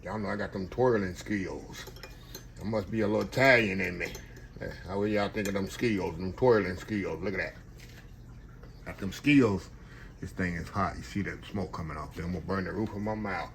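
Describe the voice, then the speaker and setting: A creaky, low-pitched voice at a moderate pace belongs to an older home cooking host, with a little hiss or hum audible. He cooks in his kitchen, chatting in a casual, folksy style and calling his viewers y'all.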